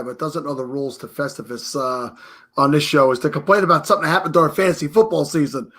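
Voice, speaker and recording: Bright-voiced joking podcast host. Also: male voice, a little high. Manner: relaxed, joking banter. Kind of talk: casual chat.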